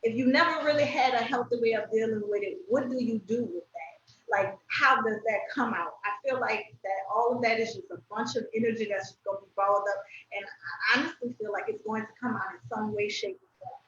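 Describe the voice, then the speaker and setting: A woman hosting a casual podcast, her voice a little high and lively with playful asides as she poses questions. She sounds set back from the mic in an echoey room, with slightly dull sound and faint background noise. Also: a little fast. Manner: expressive, playful, asks probing questions. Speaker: podcast host. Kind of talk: casual conversation. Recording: roomy, distant, dull sound.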